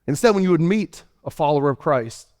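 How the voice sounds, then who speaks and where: A man preaching a sermon as pastor, animated and storytelling. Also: on the high side, fairly quick. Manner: animated, storytelling preacher who acts out scenes. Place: church sanctuary. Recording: long hall reverb in a church.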